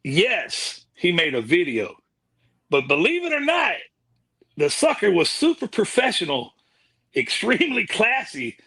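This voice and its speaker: High-voiced, husky, animated man. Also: unhurried, no echo. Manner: animated, emphatic, folksy. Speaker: guest reviewer. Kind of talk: casual livestream chat.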